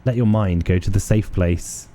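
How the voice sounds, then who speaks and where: A man reading game narration aloud during a playthrough, with a wry, expressive delivery. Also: low-pitched, moderate pace, faint music behind. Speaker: video game player and narrator.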